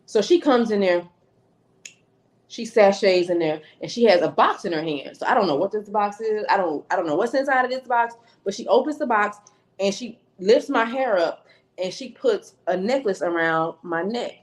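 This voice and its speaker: A woman's voice: medium pitch, expressive, normal speed. A woman telling a personal story on a podcast, acting out the voices in the dialogue she recalls. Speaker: podcast guest. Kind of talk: storytelling, casual chat.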